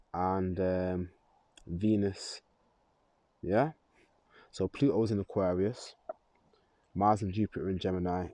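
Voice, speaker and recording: A man's voice: sits low, mellow, dry recording. A man in a loose, rambling astrology vlog, chuckling and correcting himself as he goes. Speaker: astrology vlogger. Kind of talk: casual astrology talk to camera.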